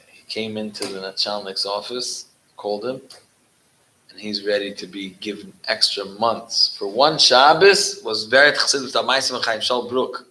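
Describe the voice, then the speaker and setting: A man speaking as a rabbi at a gathering, telling a story and mixing Yiddish into his English, animated when he quotes. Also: on the low side, slight background noise, low-quality recording.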